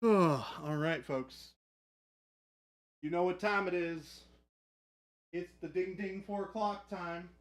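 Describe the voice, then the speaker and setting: A man's voice: high-pitched, slow pace, pauses often, echoey room. A man hosting a live hobby stream, chatting casually and joking with the chat. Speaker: livestream host. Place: hobby studio.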